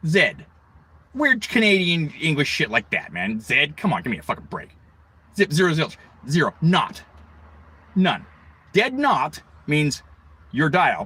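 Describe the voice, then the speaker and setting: Profane, forceful American man ranting. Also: fairly high pitch, animated. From United States. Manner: profane, ranting, heavy swearing, rapid tangents. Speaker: livestream host. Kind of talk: rambling livestream rant.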